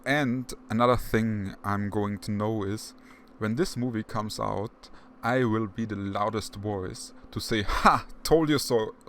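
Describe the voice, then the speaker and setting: A man's voice: lowish voice, steady tone, a little slow, a little hiss or hum. A man co-hosting a casual movie podcast, playful and teasing, often breaking into laughter. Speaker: podcast co-host. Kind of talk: casual chat.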